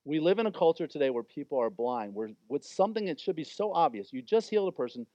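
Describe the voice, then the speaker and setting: Male pastor, casual emphatic sermon, fairly high voice, dry lo-fi sound. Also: very animated, fast talker, mellow, no room sound. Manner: informal, conversational and emphatic.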